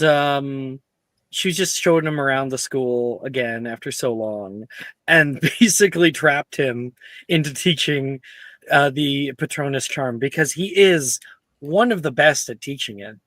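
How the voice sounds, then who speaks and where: Slow-talking game master, a man. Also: on the high side, fairly bright tone, dry recording. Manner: unhurried, many fillers. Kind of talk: narrating a tabletop game recap.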